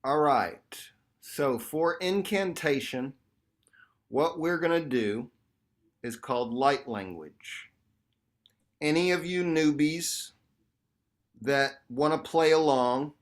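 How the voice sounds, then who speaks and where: A man leading a group workshop over a video call, talking casually and animatedly, calling the group "y'all". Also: a little high. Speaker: workshop facilitator. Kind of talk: online group workshop teaching.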